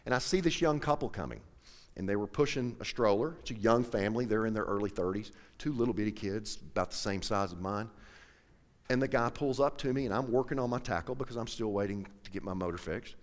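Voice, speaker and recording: A man telling a folksy, animated story to a live audience, acting out both sides of the conversation. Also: on the low side, brisk. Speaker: professional angler speaking to an audience. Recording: echoey hall with long reverb.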